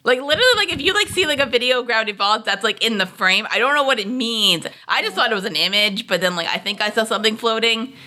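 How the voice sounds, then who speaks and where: A young woman with a high, bright, sharp voice chats as a co-host. She is upbeat and teasing and fills her sentences with "like". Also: animated, fast, hardly any pauses. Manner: says "like" constantly, upbeat and teasing. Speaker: co-host of a show reacting to cartoon episodes. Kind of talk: casual chat.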